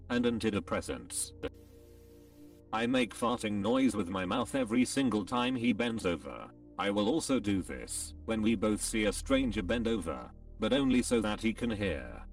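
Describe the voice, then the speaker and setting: A man's voice: fairly low pitch, big pitch swings, measured pace, vocal fry, recorded from a distance, faint music behind. A man's computer-generated voice reading forum posts aloud, including the punctuation marks. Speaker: narrator reading online posts.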